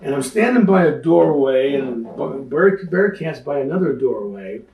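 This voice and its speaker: A man tells stories with a lot of energy, and his voice sits a little high for a man. He acts out the voices of the people he quotes and laughs as he goes. His voice sounds a bit far from the mic, with noticeable room echo. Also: moderate pace, muffled recording, slight background noise. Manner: animated storyteller who acts out quoted voices. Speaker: interview guest, wrestling veteran. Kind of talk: storytelling shoot interview. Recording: roomy sound, mic at a distance.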